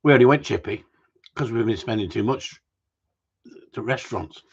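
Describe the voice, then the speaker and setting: Here a man with a husky mid-range voice speaks at a moderate pace while hosting a livestream. He jokes around, curses, and rambles in casual conversation with viewers, captured in dull, lo-fi audio.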